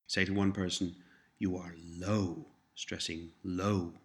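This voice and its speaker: A man narrating a scripted language course, giving slow, measured prompts and repeating each phrase twice. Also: low-pitched, flat delivery.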